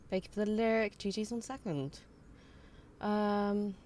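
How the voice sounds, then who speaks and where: A woman's voice: mid-range voice, normal speed, a little mellow. A woman streamer in casual live-stream chat, greeting her viewers one by one and sounding tired. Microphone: streaming mic with headphones on. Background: faint chill background music.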